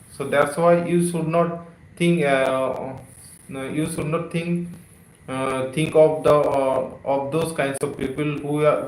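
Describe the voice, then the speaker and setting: Slow, echoey-voiced male English teacher. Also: fairly high pitch, slight background noise. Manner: slow, repeats words, many "okay" and "uh" fillers. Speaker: English teacher on a live stream. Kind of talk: live-streamed vocabulary lesson.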